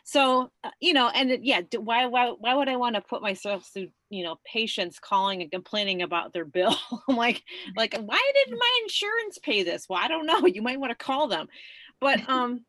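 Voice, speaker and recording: A middle-aged woman shares a personal story in a relaxed interview, talking with lots of fillers and laughing easily. Her voice is bright and forward, and the recording is dry and close with no room sound. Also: a little high, normal speed, no echo. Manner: chatty, laughs often, many fillers. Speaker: guest. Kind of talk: conversational storytelling.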